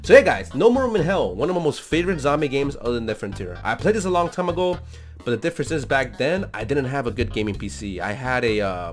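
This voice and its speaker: An excitable man hosts a gaming channel with let's-play commentary, talking in casual slang. His voice swings up and down all over the place and breaks into loud outbursts. Faint music plays behind him. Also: medium pitch.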